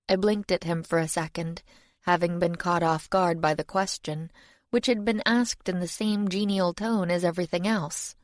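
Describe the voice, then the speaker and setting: Low-voiced woman narrating a fantasy audiobook. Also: steady tone, normal speed, no room sound, studio quality.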